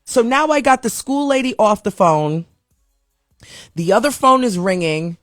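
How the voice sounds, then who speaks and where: A woman talk show host telling a comic story in a casual, animated way. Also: measured pace, no room sound, studio quality, faint music behind. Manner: animated, comic storytelling with big pitch swings.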